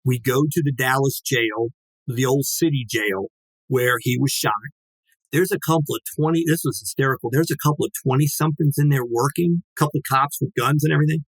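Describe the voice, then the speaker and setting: A man in his sixties talks as a guest in a close, dead-sounding room with no echo. His voice sits at an ordinary middle pitch. He tells his story casually and acts out the voices of the people in it. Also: a little fast, slightly rough. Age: 60s. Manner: lively, acts out quoted dialogue, swears casually.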